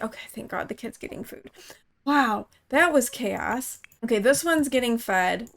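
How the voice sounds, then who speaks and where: A woman's voice: high-pitched, expressive, a little slow, vocal fry, slight background noise. A woman hosting her own gaming channel, giving chatty let's-play commentary and talking straight to the characters in her game.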